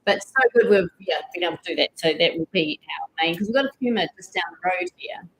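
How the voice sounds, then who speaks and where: A woman's voice: on the low side, lively intonation, quick pace, slight background noise, poor audio. A middle-aged woman co-hosting a vlog, telling stories in a chatty, enthusiastic way. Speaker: vlog co-host. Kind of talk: casual chat.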